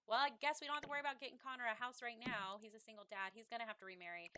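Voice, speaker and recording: Young woman, game commentary, emotional and chatty; bright, slightly high voice with light background hiss. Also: steady tone, racing. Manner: emotional, swings from soft muttering to loud yelling; chatty, many fillers, talks to her viewers. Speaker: game streamer. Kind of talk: Let's Play commentary.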